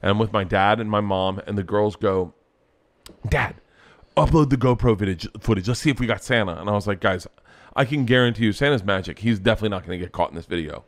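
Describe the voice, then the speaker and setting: A middle-aged man telling a story with animated delivery, acting out his family's voices. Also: on the low side, quick pace. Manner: lively, acts out voices of family. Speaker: comedian guest.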